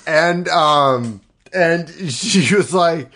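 A man's voice: high-pitched, very animated, measured pace, fairly bright tone. A man improvising on a comedy podcast, giggling and meandering as he talks. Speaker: podcast co-host.

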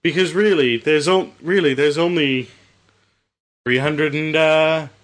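A man co-hosting a comedy podcast, playful and giggly with deadpan contrarian takes. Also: on the high side, a little slow. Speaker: podcast co-host.

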